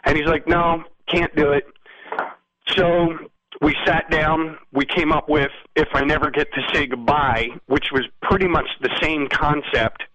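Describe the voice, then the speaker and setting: A man being interviewed as a musician guest, telling rambling, animated stories and often asking "you know what I mean?". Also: fairly high pitch, moderate pace, lo-fi sound, slight background noise. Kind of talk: casual storytelling interview.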